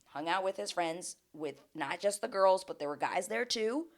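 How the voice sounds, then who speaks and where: A woman's voice: fairly low pitch, lively intonation, moderate pace. A woman hosting a reality TV recap in casual commentary, ranting with exasperation and swearing freely.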